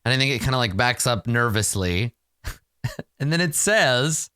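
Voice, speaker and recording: Lively-voiced man running a tabletop game. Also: mid-range voice, a little slow, smooth, dry recording, studio quality. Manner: chatty, rambling, laughs often. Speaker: game master.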